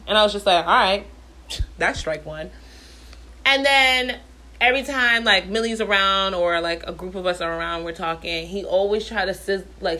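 A woman's voice: medium pitch, pushed and bright. A woman in her thirties venting in a casual storytime, blunt and profane, talking from her bathroom at home.

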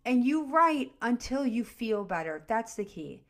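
A middle-aged woman co-hosting a podcast, talking through a self-help journaling method in an earnest, animated way with examples from her own life. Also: a little high, a little slow. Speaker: podcast co-host. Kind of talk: casual coaching talk.

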